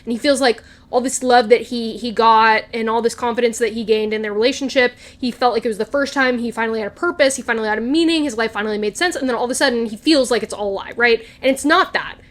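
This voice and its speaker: A young woman vlogger chats casually, gushing and animated as she recaps a TV episode. She slips into quoted lines, voicing the characters. Her voice is fairly high, and she talks quickly with few pauses.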